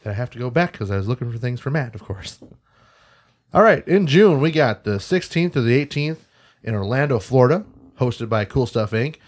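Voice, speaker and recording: A man's voice: medium pitch, lively intonation, a little fast. Man hosting a casual podcast. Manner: stumbles over foreign place names. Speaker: podcast host. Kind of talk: casual podcast chat, reading out news.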